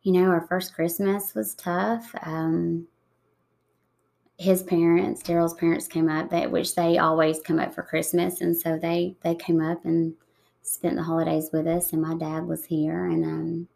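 A woman in her thirties, soft-spoken and reflective, talking slowly with pauses in an emotional interview. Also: fairly low pitch, level tone, gravelly. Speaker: guest.

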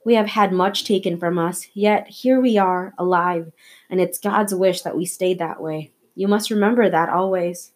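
A woman voicing a steady grown man, a protective uncle, speaking firmly and earnestly in a read-aloud novel. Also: lowish voice, moderate pace, close to an everyday voice. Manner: firm, earnest storybook dialogue.

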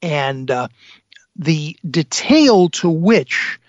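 A man's voice: on the high side, big pitch swings, extremely slow, no room sound, lo-fi sound. A man hosting a radio talk show live from an inn, chatting with enthusiasm and lots of fillers. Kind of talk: casual radio chat from a live remote broadcast. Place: inn dining room on location.

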